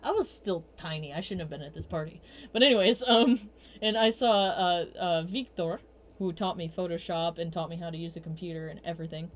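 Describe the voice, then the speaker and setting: A young woman hosting a livestream, telling rambling personal stories in a casual chat full of fillers, restarts and quick quoted asides. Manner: quotes herself in bursts of higher voice. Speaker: livestream host.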